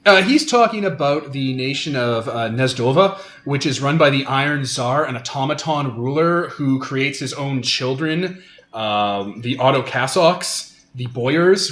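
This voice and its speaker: A man running a tabletop game as game master, explaining the setting in a loose, relaxed way. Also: medium pitch, echoey room, slight background noise.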